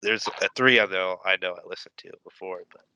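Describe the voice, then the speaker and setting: A man's voice: sits low, brisk, sharp tone, clean tone, dry recording, poor audio. A man co-hosting a casual podcast, rambling hesitantly and trailing off as he talks. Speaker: podcast co-host. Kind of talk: casual chat.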